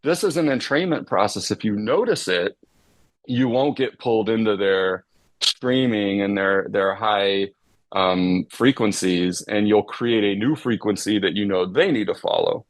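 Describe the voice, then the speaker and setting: A middle-aged man, a psychotherapist guest explaining ideas with everyday examples in a relaxed podcast chat. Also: lowish voice, measured pace, no echo.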